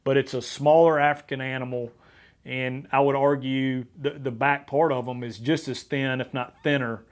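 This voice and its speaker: A man hosting a podcast, telling a hunting story in a casual, energetic way with frequent restarts. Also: mid-range voice, normal speed. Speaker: podcast host.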